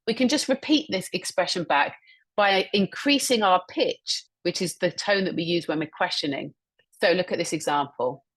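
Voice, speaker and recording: Running an instructional webinar over a video call, this woman encourages her audience and explains her points by repeating examples back to them. She is a webinar presenter and communication trainer, and her fairly low, animated voice moves at a normal speed with a fairly bright tone and a breathy edge.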